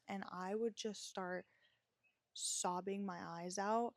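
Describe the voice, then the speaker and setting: A podcast host in her twenties speaks candidly and emotionally as she works through a personal story, rambling with lots of fillers, restarts and self-corrections. Her voice is medium-pitched, in an ordinary middle register, with fairly even intonation and a slightly slow pace. The recording is close and dry, with no room sound.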